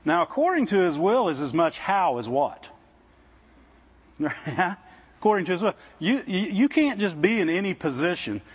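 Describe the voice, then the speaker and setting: At a church service, a guest preacher gives a sermon in a loose, conversational style, frequently stumbling and repeating words before moving on. Very animated and at a moderate pace, his breathy voice sits high for a man, and he keeps asking the congregation "Amen?" The sound is muffled and lo-fi.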